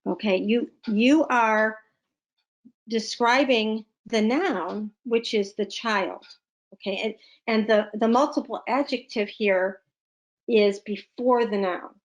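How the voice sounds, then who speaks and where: Woman teacher, slow delivery, slightly high voice, patient, playful. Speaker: literacy teacher. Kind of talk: classroom lesson.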